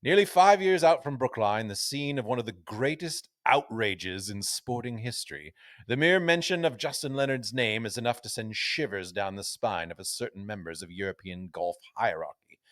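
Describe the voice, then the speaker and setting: A man co-hosting a golf podcast in a casual, chatty tone, often reading old newspaper quotes aloud. His voice sits at a middling pitch, and the recording is close and dry with little room sound. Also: lively intonation, moderate pace, a bit bright, no echo. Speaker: podcast co-host.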